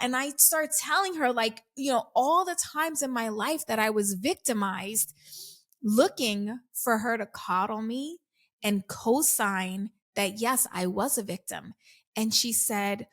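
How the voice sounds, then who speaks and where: An adult woman past her early twenties, an author and coach, appears as a guest on an interview podcast. Her voice sits on the high side, unhurried and a bit bright, as she candidly and animatedly recounts her life story, acting out remembered dialogue and laughing often.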